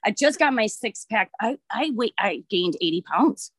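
A woman's voice: mid-range voice, animated, normal speed, a bit bright, husky, no room sound. A woman in her thirties telling a personal story in casual chat, rambling with lots of filler words and frank swearing.

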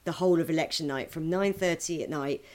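A woman co-hosting a podcast in casual chat, animated and swearing freely with frequent laughter. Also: low voice, quick pace. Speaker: podcast co-host.

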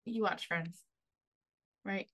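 A woman's voice: lowish voice, slow pace, gravelly, a bit bright. A woman co-hosting a podcast, chatting casually in an easygoing, giggly way. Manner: easygoing, giggly, frequent agreement. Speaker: podcast co-host. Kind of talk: casual chat.

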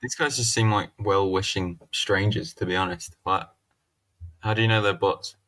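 Man, comedy podcast co-host, low voice, bright edgy tone, rambling irreverent delivery. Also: fairly even intonation, moderate pace, no room sound. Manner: irreverent, swearing, rambling with fillers. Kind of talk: casual comedic chat.

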